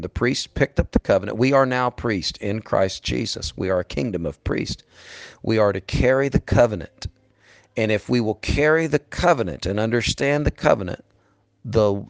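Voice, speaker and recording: A man's voice: fairly low pitch, vocal fry, no echo. A middle-aged man preaching a sermon in an earnest, emphatic way, calling his listeners "beloved".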